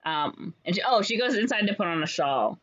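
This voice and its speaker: A young adult chattily retelling a musical's plot, with lots of ums and quick jumps in pitch to act out the lines. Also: animated, a bit bright. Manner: rambling storyteller with many fillers, jumps to higher pitch for quoted lines. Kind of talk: casual chat. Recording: slightly dull lo-fi recording.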